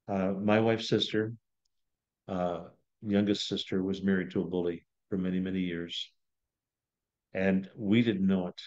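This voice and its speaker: Man, pastor, Bible study teaching, conversational storyteller, lower voice, muffled lo-fi sound. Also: darkish tone. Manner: conversational, storytelling, acts out quotes. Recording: dull lo-fi video call audio.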